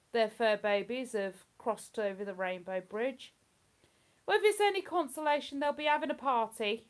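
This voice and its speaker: A woman with a London-area English accent hosting a casual live stream, chatting, rambling and reading out viewer comments. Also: medium pitch. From England. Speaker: livestream host.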